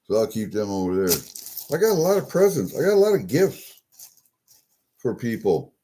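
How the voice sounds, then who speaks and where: A sing-song, mellow voice of medium pitch, at normal speed, narrates this coin vlogger's casual unboxing. He talks through the coins in a freshly opened package, chatty and easily delighted, muttering to himself.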